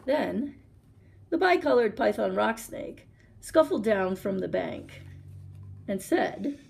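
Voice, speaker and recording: A woman librarian reading a story aloud for children, expressive and talking straight to her listeners. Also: medium pitch, takes it slowly, vocal fry, pauses often, breathy edge. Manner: expressive, addresses listener directly.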